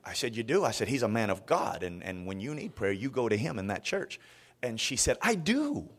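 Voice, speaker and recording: A man from Florida, guest-preaching a sermon, speaks a little fast in a lowish voice. His storytelling is animated and full of restarts.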